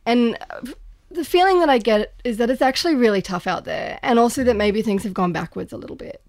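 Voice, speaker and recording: A woman's voice: fairly high pitch, fairly quick, darkish tone, no echo. Woman, podcast co-host, earnest and thoughtful, dry studio sound. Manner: earnest, thoughtful, with frequent restarts. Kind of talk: casual podcast discussion.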